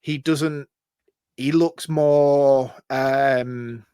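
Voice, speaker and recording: A man co-hosting a podcast, talking in loose, animated casual chat and breaking into laughter often. His voice sits at an ordinary middle pitch. The sound is dry and close, with no room in it. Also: extremely slow, smooth, dry recording. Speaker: podcast co-host.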